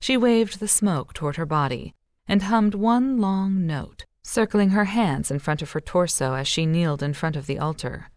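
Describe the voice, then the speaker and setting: Reading an audiobook from a script, a woman with a lowish voice keeps an even, measured narrative manner. It's studio quality, free of room sound.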